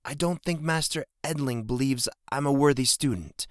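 A man's voice: mid-range voice, moderate pace, dry recording, pitched above the performer's own voice, close to an everyday voice. A man voicing a young farm girl who is upset and close to tears. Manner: tearful, apologetic.

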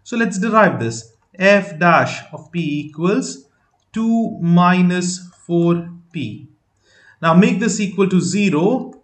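A man patiently walks through a math lesson step by step, posing rhetorical questions and using many fillers. His voice is on the high side. The sound is roomy.

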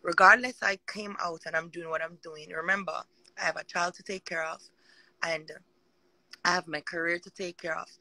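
Bright, rambling Jamaican woman. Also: fairly low pitch, fairly even intonation, normal speed, no room sound. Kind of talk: casual live chat.

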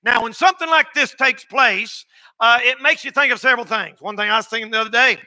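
A man preaching a sermon as pastor of a church, emphatic and often shouting. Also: very high voice, fast talker, no echo.

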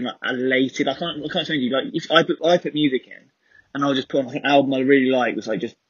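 A man's voice: mid-range voice, fairly bright tone, breathy edge, no echo. A young man in casual chat, rambling with many fillers and restarts, who coaches running. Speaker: podcast co-host and running coach. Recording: slightly dull lo-fi recording.

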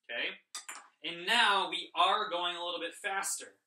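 A man's voice: high-pitched, a little slow, pushed and bright, slight background noise. A young man teaching an online music lesson to children, upbeat and chanting rhythm syllables as he counts out notes. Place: home room. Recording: echoey room, voice a bit far from mic.

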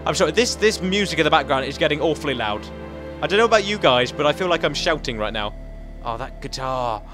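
A young man giving let's play commentary, self-mocking with sudden excited outbursts. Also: medium pitch. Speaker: gaming channel host. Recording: faint game music behind.

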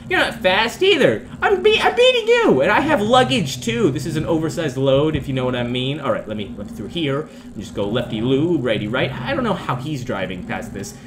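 Jokey, lively young man playing a game. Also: fairly high pitch, slight background noise. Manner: jokey rambling banter, sudden yelps and laughs. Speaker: gaming YouTuber. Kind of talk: horror game let's play commentary.

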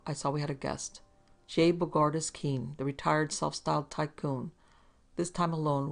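A woman's voice: low-pitched, gravelly. A woman narrating a hard-boiled detective story in a dramatic storytelling manner. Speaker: narrator and producer. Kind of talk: scripted audiobook narration.

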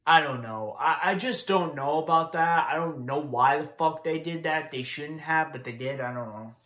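A young man with a slightly high, fairly bright voice recaps wrestling news at a moderate pace. It's a casual rant, full of frustration, profanity and repetition. The room he's in is echoey.

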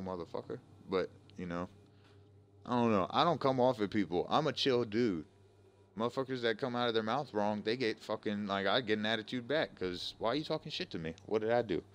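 A young man streaming a game live, ranting profanely and confrontationally at people in his chat and voice chat. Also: fairly low pitch. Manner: profane, confrontational, trash-talking.

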